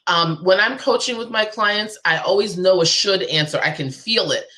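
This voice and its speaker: A woman's voice: medium pitch, normal speed, sharp tone. A woman guest on a live show, a business coach talking in an emphatic, persuasive way and repeating her key phrases.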